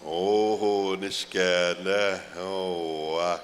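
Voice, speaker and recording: A man emceeing a live event, calling names slowly with drawn-out "oh, uh" fillers and light joking asides. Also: low voice, fairly even intonation, long reverb tail, slight background noise. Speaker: pow wow emcee. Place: large outdoor event grounds.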